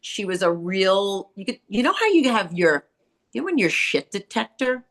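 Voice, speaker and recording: A woman's voice: medium pitch, moderate pace. A middle-aged woman from New York, a salon owner telling stories in casual chat, full of fillers and acted-out quotes. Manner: animated, acts out quotes, many "like" and "you know" fillers. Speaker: salon owner and author, podcast guest.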